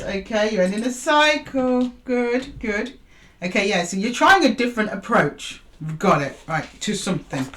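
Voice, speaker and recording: A woman's voice: mid-range voice, fairly bright tone, slight background noise. A woman giving a casual tarot reading, chatty and coaxing as she calls for cards and talks to her viewers. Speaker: tarot reader.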